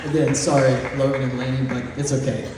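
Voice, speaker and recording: A man's voice: mid-range voice, level tone. A man of about eighteen giving a heartfelt, joking graduation speech as valedictorian. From East Texas. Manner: heartfelt, joking, slow deliberate phrasing with chuckles. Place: large echoey hall or gym. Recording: echoey hall from far off, faint noise.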